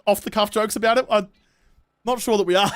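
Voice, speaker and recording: Sweary Australian streamer with a high voice. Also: male voice, fairly even intonation, brisk, clear, resonant tone, dry recording, studio quality. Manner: sweary, sarcastic, rambling banter with chat. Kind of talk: casual gameplay livestream chat.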